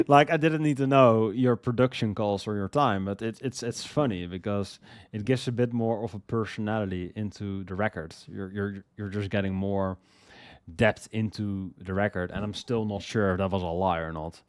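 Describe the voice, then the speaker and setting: Rambling young man reviewing songs, low clear voice. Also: steady tone, normal speed, no room sound. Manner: rambling, repeats words, fillers like "like" and "you know". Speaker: music reviewer. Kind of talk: casual spoken song review.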